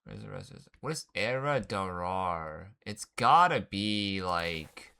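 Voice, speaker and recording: A man's voice: low-pitched, expressive, slow, vocal fry, bright, forceful tone, smooth. A man casually commenting while he plays a puzzle game, thinking aloud and muttering guesses in slangy talk. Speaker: gaming channel host. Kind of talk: casual let's-play commentary.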